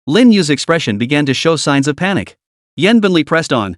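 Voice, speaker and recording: A man's voice: on the high side, sing-song, a little fast, no echo, clean studio sound. A man narrating a scripted story in a dramatic recap reading.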